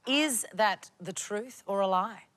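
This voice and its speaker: A woman hosting a comedy panel show, playful and quick to exclaim. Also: medium pitch, fairly bright tone. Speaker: host. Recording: studio audience and noise behind.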